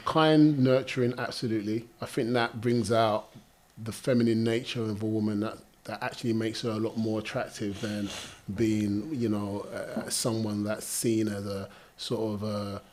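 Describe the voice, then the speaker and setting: Man, earnest, measured, talk show guest. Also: on the low side, little pitch movement, darkish tone. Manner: measured, earnest, full of "you know". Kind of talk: casual panel discussion.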